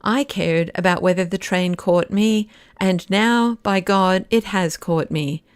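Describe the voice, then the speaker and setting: A woman reading an audiobook, voicing an excitable male nobleman who pleads and rants. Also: medium pitch, takes it slowly, smooth, dry recording, clean studio sound, close to an everyday voice. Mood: frantic. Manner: exasperated, pleading, then bursts of ranting insults. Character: flamboyant middle-aged male nobleman, frantic.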